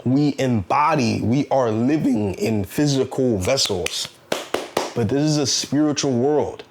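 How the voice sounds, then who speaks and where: A man's voice: medium pitch, unhurried, background noise. A man giving a casual motivational talk, earnest and preachy, repeating himself and asking rhetorical questions. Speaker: self-help vlogger.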